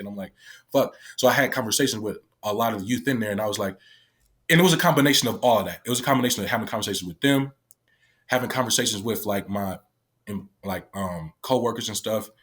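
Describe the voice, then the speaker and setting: A man's voice: mid-range voice, fairly bright tone. Man, casual storytelling, candid, emotional, lots of swearing, acts out quotes. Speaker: guest, former youth detention worker.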